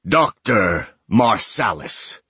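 A man's voice: fairly low pitch, sing-song, a little slow, husky, dry recording, exaggerated voice. A man voicing a sadistic, taunting male killer. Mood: shouting, taunting. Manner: taunting, shouting in anger. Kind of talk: audiobook character voice.

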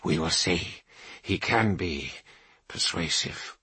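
A man voicing a stern, commanding male warrior priest who speaks low, slow and quietly. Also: husky, dry recording, heavily acted. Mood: grim.

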